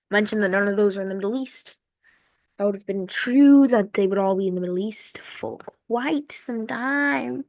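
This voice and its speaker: A woman narrates over a map in a loose, joking way, wandering off into silly asides and sing-song repetition. Her voice sits a little high, and she talks slowly with drawn-out words. The sound is dry, with no room echo. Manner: playful, rambling, jokey asides. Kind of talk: casual commentary over a map.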